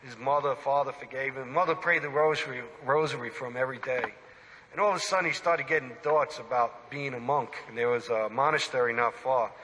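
Priest, male, sermon; bright and forceful, emphatic, quizzes the congregation; church reverb. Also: mid-range voice, fairly quick, a little hiss or hum. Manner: animated, emphatic preaching with direct questions to listeners.

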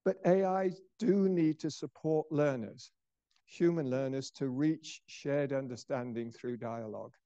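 A man's voice: mid-range voice, clean tone, no echo. Older man lecturing, dull lo-fi sound. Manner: measured, explanatory, drops softer at phrase ends. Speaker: professor giving a lecture. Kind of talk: lecture presentation.

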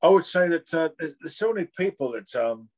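A middle-aged man from England, chatting as a guest in a lively, animated way, swearing freely and acting out gym conversations. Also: on the high side, a little fast, poor audio. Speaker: guest artist. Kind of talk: casual chat.

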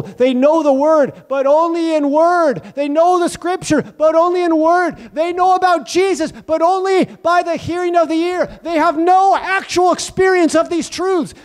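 A man preaching a sermon and praying fervently, with emphatic repetition of phrases. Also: very high-pitched. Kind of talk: sermon with prayer.

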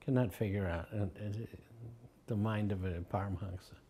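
A man's voice: lowish voice, steady tone, fairly quick, mellow, a little hiss or hum. An older man recalling his teacher in an interview, telling anecdotes and acting out the quoted voices with a chuckle.

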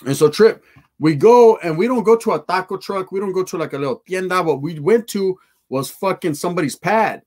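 A man's voice: high voice, a little fast, a little mellow. A man telling a profane, slangy street story to his live chat.

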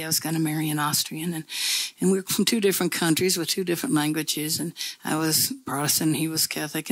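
A woman's voice: fairly low pitch, no room sound. A woman pastor preaching a sermon in a conversational, folksy storytelling way, with repeated phrases.

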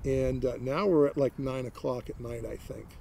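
A middle-aged man from Maine speaks in a gravelly, dark and mellow voice. He tells his story plainly in an interview, walking through each exchange step by step and leaning on "he goes" and "I said.". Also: mid-range voice, fairly even intonation, moderate pace, a little hiss or hum. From Maine, United States. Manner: plain-spoken, retells exchanges with lots of "he goes" and "I said". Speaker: interviewee recounting a police encounter.

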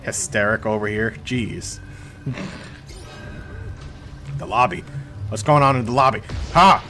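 A young man streaming a game, chatting excitedly, yelling at characters and swearing when things go wrong. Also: lowish voice, unhurried, faint music behind. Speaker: gaming streamer. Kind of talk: live gameplay commentary.

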